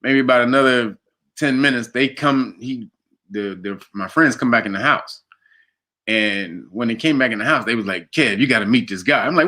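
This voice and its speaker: Bright-voiced man telling a story. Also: moderate pace, a little hiss or hum. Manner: animated, laughs often, jumps to high pitch for quoted voices. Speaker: guest. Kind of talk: casual storytelling.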